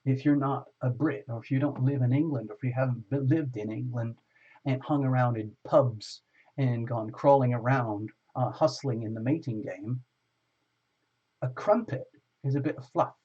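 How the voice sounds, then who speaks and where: Man, livestream host, chatty, jokes with viewers, husky voice, muffled audio. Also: mid-range voice, moderate pace, warm tone. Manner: chatty and joking, greets viewers by name. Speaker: tarot reader hosting a live stream. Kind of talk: live stream chat, reading viewer comments.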